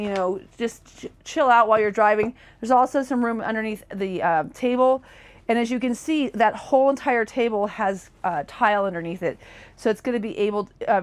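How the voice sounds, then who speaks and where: A woman giving a casual, chatty walkthrough of a motorhome as a presenter, enthusiastic and full of fillers. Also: mid-range voice. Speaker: RV sales presenter. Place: inside a motorhome.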